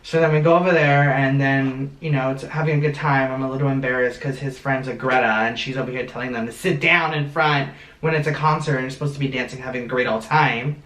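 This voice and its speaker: A young man in a casual storytime vlog, animated and acting out quotes. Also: medium pitch, fast. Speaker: vlog co-host. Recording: roomy sound from a distance.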